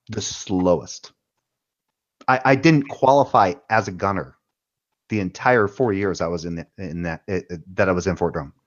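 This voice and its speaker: A man's voice: lowish voice, muffled recording. A man, a military veteran, telling rambling stories in casual chat and swearing freely. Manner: rambling storytelling with profanity. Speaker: veteran panelist.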